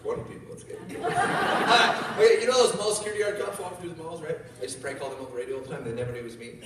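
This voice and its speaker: A man's voice: fairly high pitch, steady tone, rapid-fire, fairly bright tone. A man telling funny stories to an audience as a motivational speaker, playful and laughing often. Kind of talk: storytelling talk to an audience. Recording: echoey hall from far off, noisy.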